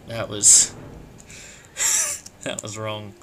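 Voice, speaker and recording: Lively, joking gamer guy. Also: mid-range voice, measured pace, noisy background. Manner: joking, animated, breaks into shouts and laughs. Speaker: let's play gamer. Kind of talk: gameplay commentary.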